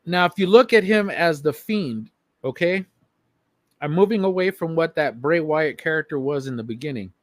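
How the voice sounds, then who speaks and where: A man's voice: fairly high pitch, expressive, moderate pace, dry recording. A man co-hosting a wrestling podcast in casual chat, emphatic and profane, often repeating himself. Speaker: podcast co-host.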